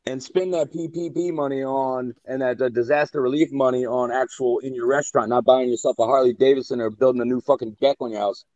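Male chef guest, halting and blunt, fillers throughout; dull, dead-dry audio. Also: mid-range voice, steady tone, a little mellow, no room sound. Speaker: chef and food safety trainer. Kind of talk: casual podcast chat.

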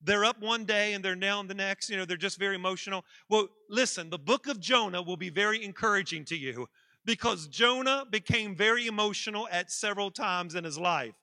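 A man preaching a sermon in a church, calling out to the congregation and building to loud, emphatic peaks. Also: high voice, fairly quick, no room sound.

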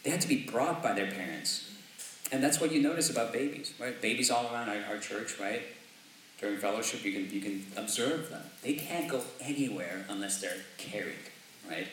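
A male pastor delivers a casual, conversational sermon, checking in with "right?" between thoughts. His voice sits a bit low but rings bright and forward. It comes from some distance in a very echoey church with a faint hiss. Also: normal speed. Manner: conversational, asks "right?" often, laughs lightly. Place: church sanctuary.

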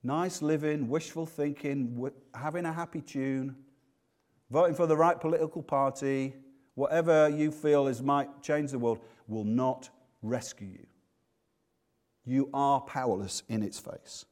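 A man preaching a sermon, swinging between loud, emphatic passages and hushed, slow ones. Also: mid-range voice, steady tone.

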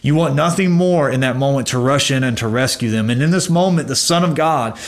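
A man preaching a sermon, earnest, rising for emphasis and dropping to hushed low lines. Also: fairly quick.

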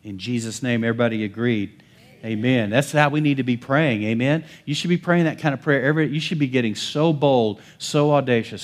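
Male pastor mid-sermon, mid-pitched voice, emphatic, asks the room for amens. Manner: emphatic, swings between bold calls and hushed asides; calls out to the congregation for amens.

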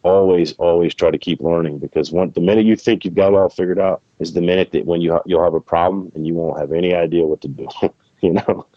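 Deep-voiced man rambling through a story. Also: steady tone, fast talker, no echo. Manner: rambling, self-correcting, laughs often. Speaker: interview guest, plant breeder. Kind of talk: casual interview storytelling. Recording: dull, dry sound.

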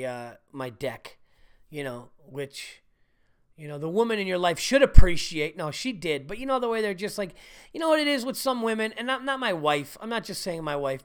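A man's voice: sits high, sharp tone. A middle-aged man hosting a podcast, telling profane, self-mocking stories in a rambling casual monologue. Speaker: podcast host.

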